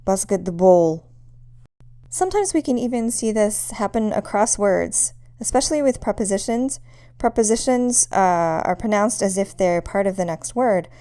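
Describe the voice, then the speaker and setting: A woman's voice: mid-range voice, animated, normal speed, dark tone. A woman teaching a pronunciation lesson, patiently demonstrating sounds one at a time. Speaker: language teacher.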